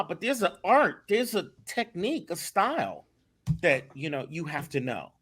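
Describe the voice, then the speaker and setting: A man talking as a guest in a casual podcast interview, animated and emphatic, often repeating his words. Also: high-pitched, normal speed. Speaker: voice acting director, guest.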